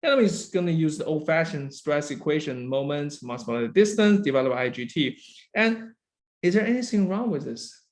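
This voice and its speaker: Lively male lecturer checking in often. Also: fairly high pitch, moderate pace. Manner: constantly checks in with the class with "right?" and "okay?"; calls on students by name and praises answers. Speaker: university lecturer. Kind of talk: interactive engineering lecture.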